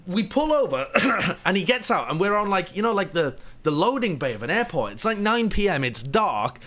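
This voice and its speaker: A man's voice: sits high, brisk. A man streaming live, telling a funny story casually and laughing at it as he goes. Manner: animated, laughing at his own story.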